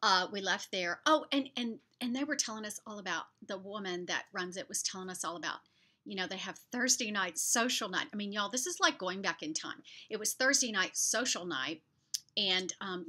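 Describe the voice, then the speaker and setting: A middle-aged woman from the southern United States chatting casually in a vlog, telling stories from her day with lots of fillers. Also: medium pitch. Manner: chatty, animated storytelling with fillers. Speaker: vlogger.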